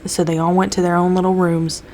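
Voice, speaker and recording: A woman's voice: fairly low pitch, level tone, a little fast, dark tone, slight background noise. A young woman casually recapping a TV episode, loose and profane, acting out the characters' lines as she goes. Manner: loose, swears a lot, acts out characters' lines.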